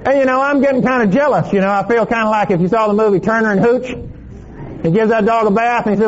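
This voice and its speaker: A man preaching a sermon, telling a playful story with laughs in an animated way. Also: high voice, quick pace, lo-fi sound.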